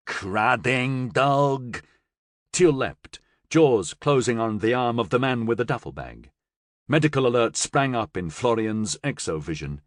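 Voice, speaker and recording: A man narrating a science fiction audiobook with expressive, dramatic storytelling on a close mic. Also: mid-range voice, normal speed, dry recording. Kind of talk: scripted narration.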